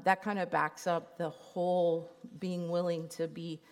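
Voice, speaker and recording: Candid middle-aged woman sharing her testimony. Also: on the low side. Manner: candid and emotional, laughing while telling the story. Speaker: conference speaker. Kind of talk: personal testimony talk.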